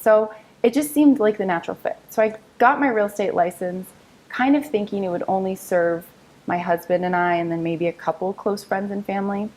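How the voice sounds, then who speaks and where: In an interview conversation, a woman in her thirties who works as a real estate agent tells the story of her career as a guest. She's upbeat and storytelling, quoting other people in lively voices, and her voice is on the low side, though the audio is poor.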